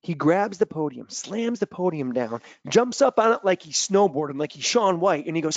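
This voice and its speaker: Man, mental performance coach, animated storyteller, slightly high voice, dull dry video-call sound. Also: a little fast, hardly any pauses, no room sound. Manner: animated storytelling with loud acted-out quotes. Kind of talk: energetic webinar talk.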